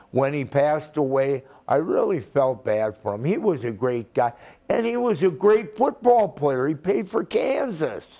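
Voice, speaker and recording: Older male wrestler, slow deliberate talker, swears and plays every part. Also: mid-range voice, mellow, highs cut off. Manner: slow, rambling storytelling with profanity and acted-out quotes. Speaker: retired wrestler, interview guest. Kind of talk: storytelling shoot interview.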